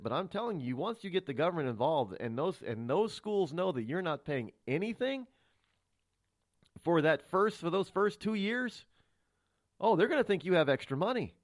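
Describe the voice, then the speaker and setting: Lively, lecturing talk radio host. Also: male voice, fairly high pitch, no echo, studio quality. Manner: lecturing, rhetorical questions, restarts. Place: radio studio. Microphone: studio microphone.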